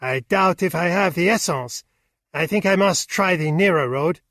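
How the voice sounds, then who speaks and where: A man's voice: sits high, normal speed, a bit bright, no echo, clean studio sound. A man reading an audiobook, voicing a polite young male motorcyclist who speaks in formal, stiff phrases.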